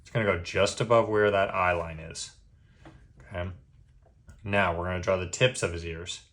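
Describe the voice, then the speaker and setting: A man giving a step-by-step drawing lesson, patient and easygoing, checking in with a quick "okay?" after each step. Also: deep voice, steady tone, a bit bright. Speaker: drawing instructor.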